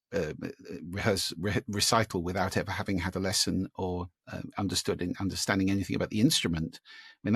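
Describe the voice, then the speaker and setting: Guy with a low gravelly kinda husky voice, animated, demoing voice tricks in an interview, dry sound. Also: dry recording. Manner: animated, demonstrative, gives vocal examples. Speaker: guest, speaker on voice and listening. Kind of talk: explanatory interview answers.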